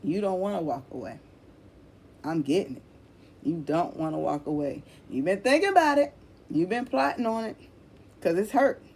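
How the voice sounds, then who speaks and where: A woman's voice: on the low side, very animated, normal speed, pauses often, darkish tone, breathy edge. A woman giving a casual tarot reading, blunt and emphatic, swearing freely, repeating herself and calling the listener honey. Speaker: tarot reader.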